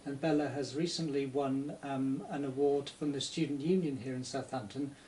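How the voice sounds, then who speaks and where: A man's voice: medium pitch, fairly even intonation, normal speed, mellow. A man interviewing a guest, asking questions hesitantly with stumbles and fillers. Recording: distant mic, faint noise.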